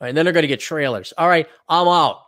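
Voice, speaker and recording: A man with a somewhat high voice riffs bluntly and sarcastically while reading out viewer donations. He talks casually, close to the mic in a dry, deadened room. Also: quick pace, a bit bright, no echo. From Wisconsin. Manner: blunt, sarcastic, acts out mocking quotes. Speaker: podcast co-host.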